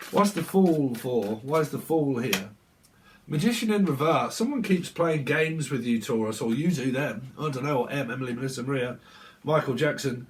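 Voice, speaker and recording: A man's voice: mid-range voice, lively intonation, normal speed. Laughing man, off-mic. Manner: swearing, laughing, acting out quoted voices. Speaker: tarot reader. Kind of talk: casual tarot reading monologue. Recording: voice a bit far from the mic.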